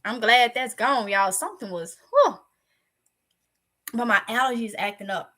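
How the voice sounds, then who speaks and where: A woman's voice: fairly high pitch, unhurried. A woman from Mississippi with a Southern accent, casually telling her viewers a story in a candid, chatty vlog. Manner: chatty, candid, lively retelling. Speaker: vlogger.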